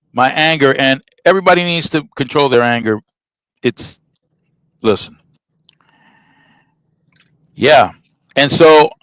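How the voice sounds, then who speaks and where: A man's voice: mid-range voice, a bit bright, dry recording, low-quality recording. A middle-aged man casually telling a story, emphatic and acting out the dialogue as he goes. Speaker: podcast host telling a trucking story.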